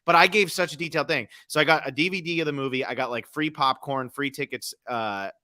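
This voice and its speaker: Bright-voiced man, animated movie chat. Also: fairly high pitch, quick pace. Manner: animated storyteller, acts out quotes. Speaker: podcast co-host.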